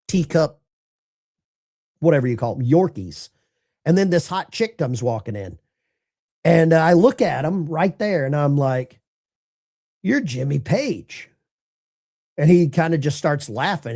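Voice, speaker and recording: A man's voice: high voice, a little mellow. A man from Alabama hosts a call-in show and spins a long, rambling, folksy yarn full of restarts and asides. His voice swings widely up and down as he talks. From Alabama, USA. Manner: rambling, folksy, with self-interruptions. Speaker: talk show host. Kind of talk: casual storytelling on a call-in show.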